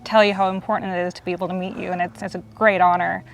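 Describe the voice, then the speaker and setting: A woman's voice: lowish voice, flat delivery, racing, gravelly, slight background noise. Earnest, emotional woman in her forties. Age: 40s. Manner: earnest, gushing, near tears. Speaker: host. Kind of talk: emotional fan tribute.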